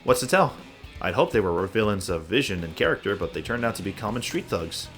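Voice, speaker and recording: A man's voice: on the low side, big pitch swings, a little fast, a bit bright, soft background music. An actor voicing a flamboyant young man in a video game, a hero-obsessed fan who talks in grand, theatrical phrases. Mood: grandiloquent. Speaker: game character.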